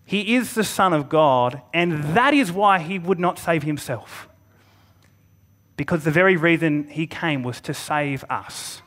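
A man preaching a Good Friday sermon in an earnest manner, pausing for emphasis and sometimes restarting a phrase. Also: on the high side, expressive, fairly bright tone.

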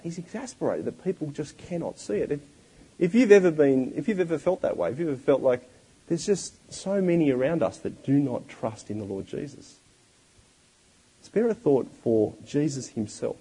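Husky, animated man preaching a sermon. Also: on the high side, moderate pace, low-quality recording. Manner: expressive, with rhetorical questions.

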